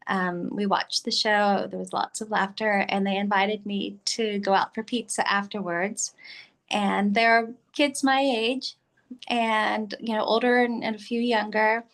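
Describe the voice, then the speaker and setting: A woman in her fifties, a guest telling her story in an unhurried, friendly way. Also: mid-range voice. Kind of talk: casual interview storytelling.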